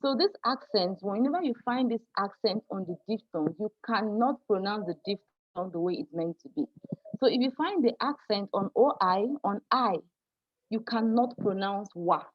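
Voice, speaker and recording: A woman's voice: medium pitch, lively intonation, normal speed, highs cut off. A woman teaching French pronunciation in an online class, patient and apologetic, often laughing and calling students dear.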